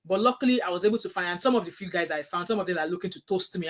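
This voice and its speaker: A middle-aged woman with a Nigerian accent, chatting casually on a livestream, telling animated stories and reading out viewer comments. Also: lowish voice, racing. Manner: animated storytelling with frequent restarts, reads out chat messages.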